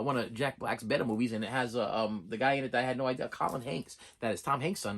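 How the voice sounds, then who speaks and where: A man's voice: medium pitch, vocal fry, breathy edge. A middle-aged man telling a long, rambling personal story to camera as a movie-collector vlogger, repeating himself and restarting sentences. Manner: animated, repetitive storytelling with restarts. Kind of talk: rambling casual monologue.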